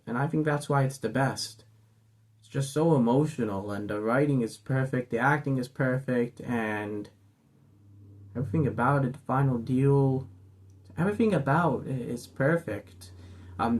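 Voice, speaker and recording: A man's voice: medium pitch, darkish tone. Gushing man full of ums. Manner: gushing, filler-heavy with many ums and you-knows. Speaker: channel host. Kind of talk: casual vlog monologue.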